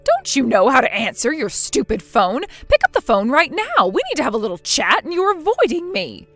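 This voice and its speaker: A woman voicing a spiteful, domineering older mother-in-law in a scripted text-message drama, scolding harshly and loudly. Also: fairly high pitch, very animated, a little fast, soft background music, heavily acted.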